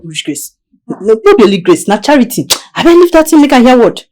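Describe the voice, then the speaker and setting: A woman's voice: on the high side, very animated, fast talker, darkish tone. An actress with a Nigerian accent plays a nosy young woman teasing and pressing her friend in Pidgin.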